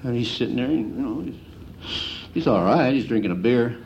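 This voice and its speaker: A middle-aged man giving a folksy lecture on handicapping to an audience, an animated storyteller who mimics the gamblers he talks about. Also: medium pitch, brisk, vocal fry, muffled recording, a little hiss or hum. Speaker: handicapping instructor.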